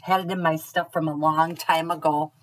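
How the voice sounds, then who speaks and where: A middle-aged woman teaching parents in a gentle, encouraging, slow and clear way. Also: low-pitched, little pitch movement, a little hiss or hum, low-quality recording. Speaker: early childhood teacher. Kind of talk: instructional video for parents.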